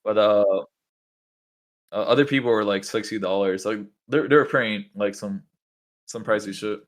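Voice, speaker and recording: Speaking in a lowish, unhurried voice, this young podcast co-host chats casually and meanders through his stories, sprinkling in plenty of "like" and "bro."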